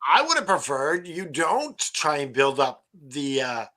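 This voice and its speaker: Bright, higher-voiced man joking. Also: sing-song. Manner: halting, many fillers and restarts, jokey. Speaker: podcast co-host. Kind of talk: casual wrestling review chat.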